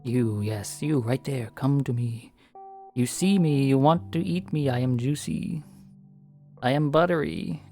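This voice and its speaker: A man voicing a boastful talking piece of fishing bait that coaxes a fish in, with a gravelly voice. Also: medium pitch, a little slow, dark tone, soft background music, natural voice. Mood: enticing. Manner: coaxing, self-praising.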